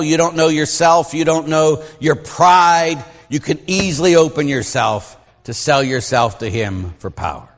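Priest preaching in a reverberant church. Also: male voice, on the high side. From Pittsburgh. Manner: folksy storytelling, acts out voices, chuckles. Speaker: Catholic priest. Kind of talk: sermon with personal stories. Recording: long hall reverb.

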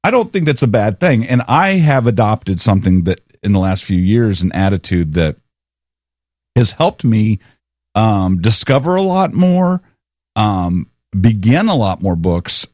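A man's voice: fairly low pitch, darkish tone, no room sound, studio quality. A man in his forties co-hosting a podcast in casual chat, wry and rambling with frequent restarts. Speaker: podcast co-host.

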